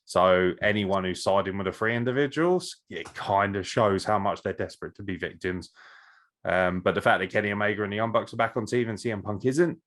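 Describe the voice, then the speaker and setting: A man's voice: fairly low pitch, a little fast, fairly bright tone. A man co-hosting a casual podcast, talking in a blunt, profane and opinionated way. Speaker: podcast co-host.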